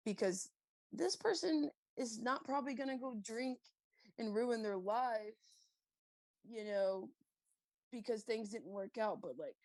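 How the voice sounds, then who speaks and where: A woman's voice: mid-range voice, darkish tone, no room sound. A woman guest on a podcast, talking in a candid, reflective way with lots of fillers. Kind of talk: casual conversation.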